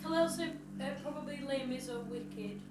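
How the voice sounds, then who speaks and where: Woman, co-host partner, quiet interjections, high voice, distant echoey noisy capture. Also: moderate pace, crowd noise. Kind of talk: casual chat.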